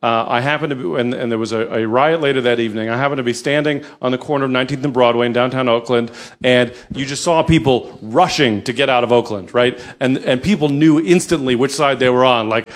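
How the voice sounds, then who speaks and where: A male stand-up comedian telling a rambling story on stage, breaking into loud put-on voices. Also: mid-range voice, quick pace. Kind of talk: stand-up routine.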